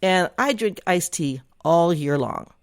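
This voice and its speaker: A woman's voice: lowish voice, lively intonation, slow, no room sound. Middle-aged woman, opinionated casual chat, close dry sound. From Southern United States. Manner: opinionated, chatty, rambling with restarts. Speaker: vlogger. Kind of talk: casual monologue to camera.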